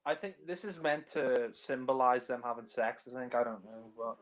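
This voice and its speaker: A man's voice: medium pitch, steady tone, moderate pace. A man giving casual, joking film commentary with blunt remarks.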